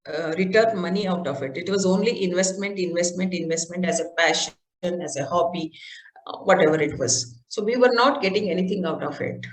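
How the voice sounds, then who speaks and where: A woman with an Indian English accent, a mountaineer guest in a podcast interview, explaining things step by step with frequent "uh" pauses. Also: on the low side. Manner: explains step by step with many "uh" fillers. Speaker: guest, mountaineer and marathon runner. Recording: roomy echo.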